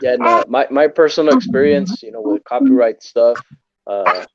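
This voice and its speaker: A man hosting a casual live-stream chat, chiming in with quick agreeable interjections. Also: mid-range voice, dull audio.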